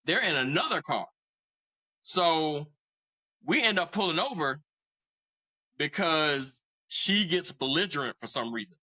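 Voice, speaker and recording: A man in his forties, co-hosting a podcast, tells rowdy stories in a relaxed, profane way and laughs often. His voice sounds strong and bright and sits a little high. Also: measured pace, long pauses, rough recording. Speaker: podcast co-host. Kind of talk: casual storytelling.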